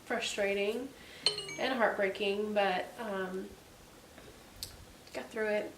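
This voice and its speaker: Heard through a distant mic in an echoey room with faint hiss, a woman in her forties speaks at a slow pace with a mid-range voice and fairly even intonation. As co-host of a casual faith-based chat, she tells stories chattily and warmly, saying um a lot.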